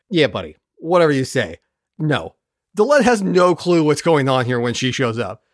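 A podcast host races through an episode recap in a casual, sarcastic tone, swearing and doing quick mimicry of characters. Their pitch swings widely and stays lively throughout. The recording is close and dry. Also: dry recording.

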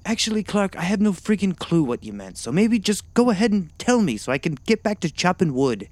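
A man's voice: high-pitched, big pitch swings, brisk, no echo. A man voicing a grumpy, sarcastic male explorer in a comedic audio drama, trading snarky retorts.

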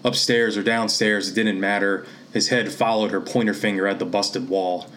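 A man from Pennsylvania reads a literary short story aloud, steady and measured in his delivery. His voice sits on the lower side, with a faint wash of background noise under the recording. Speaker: author and reader. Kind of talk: reading literary fiction aloud.

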